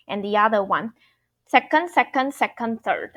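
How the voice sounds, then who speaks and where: A woman's voice: fairly high pitch, lively intonation, moderate pace, a bit bright. A woman in her thirties with a Taiwanese Mandarin accent, explaining Mandarin tones in an online lesson and repeating each example patiently. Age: 30s. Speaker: Mandarin teacher.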